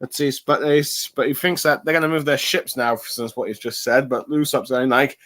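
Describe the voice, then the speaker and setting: A man's voice: mid-range voice, steady tone, a bit bright. Rambling male host reviewing comics. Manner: rambling, halting with many fillers. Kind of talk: casual comic chapter review.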